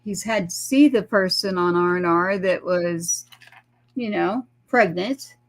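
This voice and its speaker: A middle-aged woman, a military mother appearing as a guest, tells a rambling, earnest personal story and acts out the people she quotes. Her voice is fairly low, with a measured pace.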